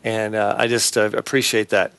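A man hosting a Christian talk show and preaching, speaking in a halting way with many fillers and restarts. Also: fairly low pitch, little pitch movement, a bit bright, no echo.

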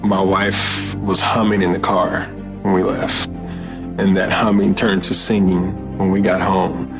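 Low, flat-voiced man giving testimony. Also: a little slow, creaky. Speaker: interviewee. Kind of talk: personal testimony. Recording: music bed underneath.

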